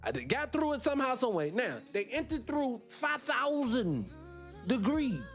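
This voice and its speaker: A man hosting a casual livestream, talking in a rambling, animated way, often correcting himself and swearing. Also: very high voice, moderate pace, soft background music. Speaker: livestream host.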